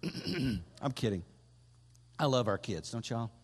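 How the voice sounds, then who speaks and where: A middle-aged man preaching a sermon as pastor, swelling loud and high, then dropping low. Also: expressive, slow, husky. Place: church sanctuary. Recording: long echo from a big hall.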